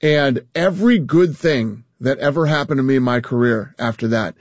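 A man's voice: mid-range voice, normal speed, no echo, muffled recording. A man talking as an interview guest, emphatic, often restarting and repeating words. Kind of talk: casual interview talk.

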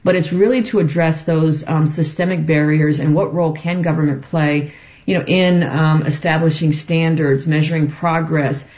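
A woman's voice: low-pitched, fairly even intonation, moderate pace, a little mellow, highs cut off. A woman guest on a radio talk show, speaking earnestly with many ums. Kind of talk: radio interview.

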